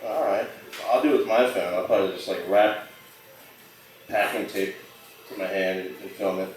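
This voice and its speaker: A man's voice: sits low, normal speed, a little hiss or hum. Guy rambling thru a stand-up set at a bar open mic, voice bouncing around a big echoey room. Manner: rambling, self-deprecating, puts on quoted voices. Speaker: stand-up comic. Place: small bar stage. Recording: roomy bar audio from a distant mic.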